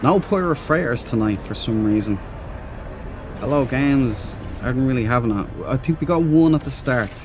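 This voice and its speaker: A man with a mid-range, animated voice talks at a normal pace over some background noise. He's streaming a game and chatting loosely with viewers, rambling, laughing easily, and reading and answering chat in a casual live-stream style.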